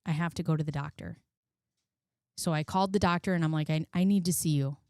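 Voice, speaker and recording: A woman's voice: low voice, steady tone, fast talker, darkish tone, dry recording, clean studio sound. A woman candidly telling a personal story to her viewers, frank and emotional, swearing freely. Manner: emotional, profane, frank, addresses viewers as friends. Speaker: commentary channel host.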